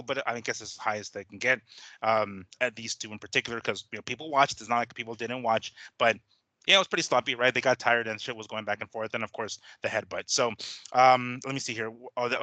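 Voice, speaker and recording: A man's voice: medium pitch, pushed and bright, no echo. A man hosting a boxing podcast, talking loosely and profanely in casual chat. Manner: loose, rambling, profane, with fillers. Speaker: boxing show host.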